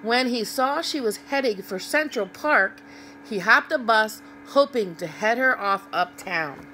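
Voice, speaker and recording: Slow, gentle woman reading to kids. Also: on the high side, animated, a little hiss or hum, poor audio. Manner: asks young listeners questions about the pictures. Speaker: children's read-aloud host. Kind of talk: reading a picture book aloud to children.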